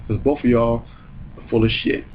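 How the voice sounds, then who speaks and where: A man's voice: medium pitch, steady tone, moderate pace, muffled recording, a little hiss or hum. A man hosting a comedy show, delivering a heated, profane and mocking rant. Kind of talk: ranting comedic commentary.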